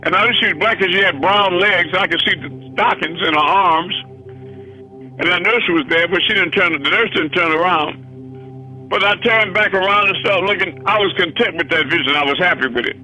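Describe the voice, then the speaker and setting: High, sharp-voiced spiritual teacher. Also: male voice, moderate pace, soft background music, rough recording. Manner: plainspoken, colloquial, repeats himself. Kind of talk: recounting a vision in a call-in meeting.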